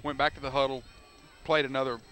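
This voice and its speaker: Guy doing color commentary, bright sharp voice, excited, keeps repeating himself. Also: medium pitch, quick pace. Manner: excitable, joking, rambling with repeats. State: out of breath. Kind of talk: high school football radio broadcast.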